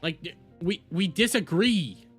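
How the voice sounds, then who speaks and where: A woman's voice: on the low side, lively intonation, slow, husky, faint music behind. Exasperated woman ranting on stream. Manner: exasperated ranting with repeated words. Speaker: streamer reacting to posts. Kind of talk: livestream reaction commentary.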